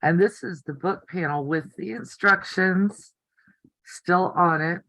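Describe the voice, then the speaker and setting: A woman's voice: lowish voice, slow, pushed and bright, dry recording, rough recording. An older woman hosting a casual live stream from her home craft room, chatty and easily delighted. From United States. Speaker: quilting channel host.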